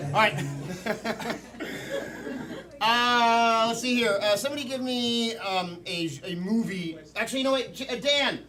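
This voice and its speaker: A man hosting a live improv show, quick and joking as he pulls suggestions from the crowd. His voice sits fairly high, and it comes from a distance on a theater stage with the audience audible around him. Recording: live room, off mic, audience.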